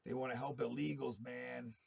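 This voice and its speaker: Man, gravelly voice, rambling profane monologue, agitated. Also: medium pitch, flat delivery, normal speed. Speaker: interviewee telling his story.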